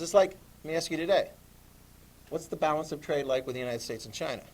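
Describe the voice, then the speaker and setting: Animated male teacher lecturing a class. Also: fairly high pitch, brisk. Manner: animated, asks the class questions, acts out voices. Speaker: history teacher.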